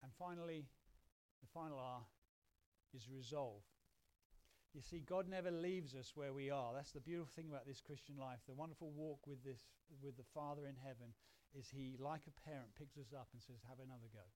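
A man's voice: medium pitch, normal speed. A middle-aged man from England, preaching a conversational sermon and acting out quoted voices. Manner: conversational, animated, acts out little quoted voices. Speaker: pastor.

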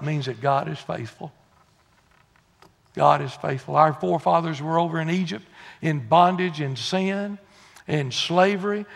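A man preaching a sermon, folksy, moving from quiet asides to loud exhortation. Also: fairly high pitch, gravelly. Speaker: pastor. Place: church sanctuary. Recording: long church hall reverb.

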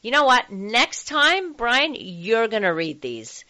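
A woman's voice: fairly high pitch, sing-song, slow, sharp tone. A woman hosting a radio talk show about sex, chatting casually with lots of fillers and easy laughter.

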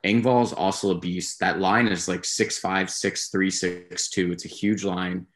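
A man co-hosting a podcast, talking through his views in a casual, rambling, measured way. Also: sits low, steady tone, a bit bright. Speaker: podcast co-host. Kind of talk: casual sports talk.

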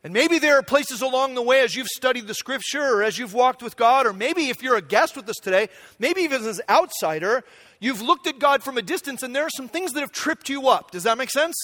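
A man's voice: very high-pitched, pushed and bright. A man in his forties preaching a sermon, telling a family story in a conversational way and checking in with the room. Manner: conversational, asks the room "right?". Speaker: pastor.

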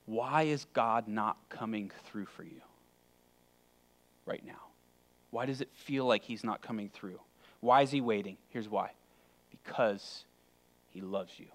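A man preaching a sermon in a conversational, emphatic way, often dropping suddenly to a quiet voice. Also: fairly low pitch, unhurried, long pauses. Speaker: pastor.

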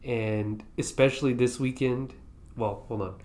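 A congested young man talks sports on a casual podcast, his nose audibly stuffed up. He rambles, stops to correct himself and slips in jokes. His pitch stays in an ordinary middle range. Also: fairly even intonation, unhurried, darkish tone. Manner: joking, rambling, self-correcting. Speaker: podcast co-host, sports reporter.

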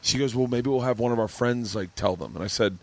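A man hosting a podcast, chatting casually by a pool, telling stories with lots of swearing and quick laughs. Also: mid-range voice. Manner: animated storytelling, swearing, bursts of laughter. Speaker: podcast host. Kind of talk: casual chat. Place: outdoors by a pool.

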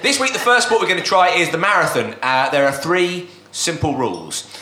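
A man hosting a comic podcast game, briskly explaining silly rules and often breaking into laughter. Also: a little high, sing-song, background noise. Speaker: game host. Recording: roomy echo.

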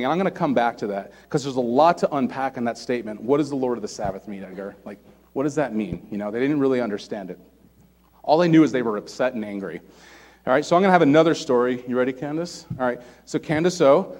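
A man's voice: medium pitch, animated, fast talker, darkish tone. A man preaching a casual sermon in a church, conversational, often checking in with "all right?". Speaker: pastor.

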